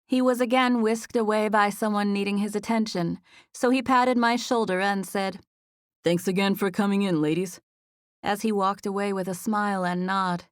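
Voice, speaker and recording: A woman narrating a first-person romance audiobook in an even storytelling voice, recorded in a studio. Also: mid-range voice, moderate pace, clear, resonant tone, no echo.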